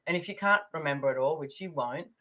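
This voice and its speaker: A woman hosts a relaxed podcast conversation, her voice sitting low. She rambles through stories in a chatty way, full of little fillers and asides. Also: quick pace, dull audio. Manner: chatty, storytelling, many fillers. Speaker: podcast host.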